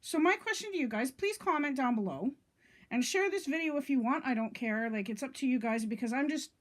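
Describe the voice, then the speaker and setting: A middle-aged woman speaks to her viewers in a casual vlog monologue. Her voice sits high for a woman. She sounds indignant and rambles, filling pauses with "um" and checking in with "okay?". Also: animated. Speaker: vlogger.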